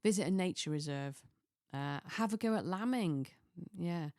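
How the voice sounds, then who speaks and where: A middle-aged woman chats in a relaxed, rambling way, doubling back on herself and chuckling at her own asides. Her voice sits slightly low. The recording is dry and close, with no room sound. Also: normal speed, no room sound. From Chester, England. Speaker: lifestyle vlogger. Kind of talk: casual chatty monologue.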